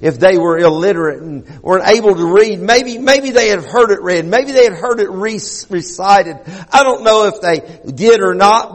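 A man's voice: sits high, in a large hall. A man preaching a sermon, earnest and often repeating himself as he builds a point. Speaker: pastor.

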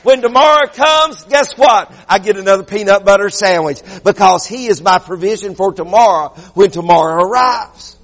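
Pastor guy preaching in church, voice sits pretty high, long hall reverb on it. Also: expressive. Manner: preaching with swings from loud and quick to low and slow. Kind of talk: sermon.

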